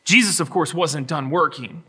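Male pastor, sermon, bright tone, slightly high voice, dramatic scripture voicing. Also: moderate pace, husky. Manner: dramatic voicing of scripture, swinging from hushed to shouting.

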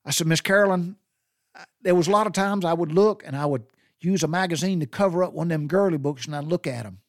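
A man's voice: on the high side, fast, no room sound, clean studio sound. A middle-aged man with a Southern US accent telling a personal story in a rambling, heartfelt way. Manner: rambling and heartfelt, with many restarts.

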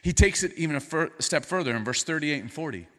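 A middle-aged man preaching a sermon as pastor, animated and rising into emphatic bursts. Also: on the high side, fast, long reverb tail. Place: church sanctuary.

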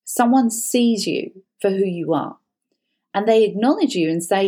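A woman's voice: medium pitch, animated, measured pace, dark tone. A woman therapist giving earnest advice as a guest, building emphatic lists of repeated phrases.

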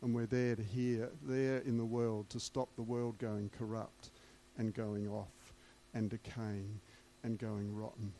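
A man's voice: fairly low pitch, little pitch movement, a little slow, few pauses, dark tone, slight background noise. A man preaching a sermon, emphatic and repeating key words for weight.

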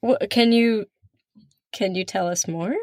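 A woman's voice: medium pitch, a little slow, a little mellow, no room sound, studio quality. A woman co-hosting a comedic interview, giggly and playful as she asks questions. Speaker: co-host.

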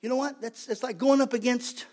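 A man's voice: very high voice, fairly even intonation, brisk, darkish tone. A man preaching a sermon as pastor, conversational and emphatic, repeating his points for weight.

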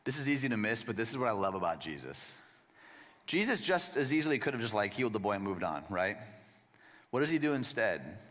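A man preaching a sermon in a conversational, emphatic way, dropping to a hush and then lifting again. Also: fairly low pitch, a little fast. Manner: conversational, emphatic, swings between hushed and lively. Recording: long reverb of a large room.

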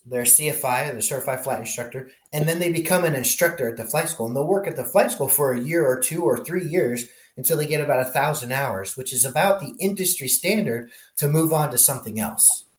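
A man being interviewed as a helicopter pilot, telling his career story in a lively way and often restarting his sentences. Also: mid-range voice, brisk, hardly any pauses. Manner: animated storyteller, many restarts. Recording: roomy echo.

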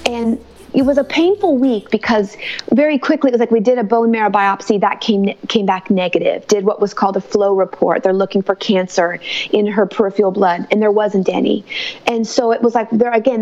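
A woman's voice: medium pitch, a little mellow, dull audio. A mother speaking in an interview, fervent and emotional as she tells her story through faith. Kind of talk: testimony interview.

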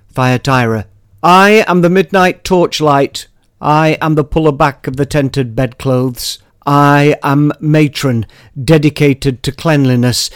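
A man recites scripture and his own poetry with measured emphasis, leaving weighty pauses. His voice sits slightly high. It is recorded close and dry, with no room sound. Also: no room sound. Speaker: poet reading and explaining his own poems. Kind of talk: dramatic poetry and scripture reading.

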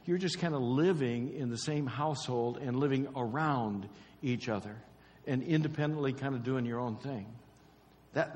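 A pastor giving a conversational sermon, repeating key phrases and quizzing the congregation. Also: male voice, mid-range voice, big-room sound.

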